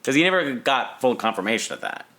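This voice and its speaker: Guy on a film podcast, bright voice, bouncy up and down, chatty. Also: mid-range voice, fast. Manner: animated, chatty, slips into playful put-on voices; draws on his acting experience. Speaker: podcast co-host. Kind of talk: casual film discussion.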